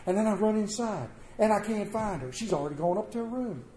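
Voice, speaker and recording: A middle-aged man telling a personal story to an audience in a folksy, animated way. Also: high voice, fast talker, a little hiss or hum. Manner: folksy, animated, with a rural drawl in his wording. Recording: echoey room with faint ambience.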